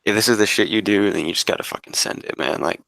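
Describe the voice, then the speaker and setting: A man chatting casually on a livestream, laid-back and quick to laugh, swearing freely. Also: lowish voice, vocal fry, fairly bright tone, no room sound.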